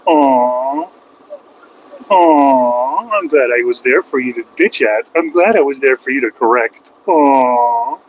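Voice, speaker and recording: A man's voice: medium pitch, slow, slight background noise, rough recording. A man driving a truck who livestreams to his chat and answers critics with sarcastic, mocking remarks. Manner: sarcastic, mocking, heckles critics in a put-on whiny voice. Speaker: truck driver vlogger. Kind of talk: live-stream rant to chat. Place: inside a truck cab on the road.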